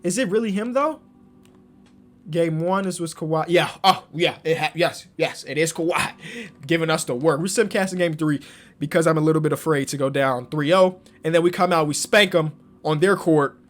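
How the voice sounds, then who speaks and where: Excitable gaming YouTuber. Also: male voice, moderate pace. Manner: swings from low muttering to loud excited yelling; slangy, talks to himself about the game. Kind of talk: excited game commentary.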